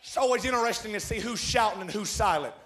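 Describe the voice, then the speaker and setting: A man preaching a revival sermon, swinging from hushed, rhythmic lines to loud shouted peaks, with joking asides to his congregation. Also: high-pitched, fast. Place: large church hall. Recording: echoey church hall.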